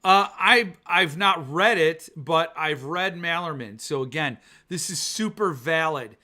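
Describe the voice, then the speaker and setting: A male podcast host ranting excitedly about books, swearing when annoyed and reading viewer comments aloud. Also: on the high side, measured pace. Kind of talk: ranting book-talk livestream.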